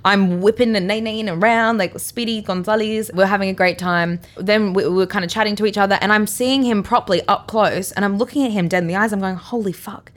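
A young Australian woman co-hosting a podcast, telling a story in casual chat and acting out quotes with big leaps in pitch and frequent laughs. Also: a little fast, hardly any pauses. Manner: animated, acts out quotes with big jumps in pitch, laughs often. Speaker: podcast co-host.

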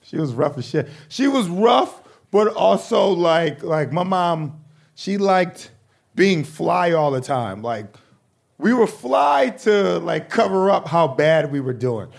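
A young adult man doing stand-up comedy, telling animated, profane stories. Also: a little high, slow, gravelly.

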